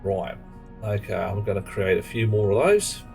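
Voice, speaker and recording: A man's voice: on the low side, animated, normal speed, vocal fry, a little mellow, soft background music. A man streaming a game, talking to himself and chatting asides as he works through it. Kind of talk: live gameplay commentary. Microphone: headset.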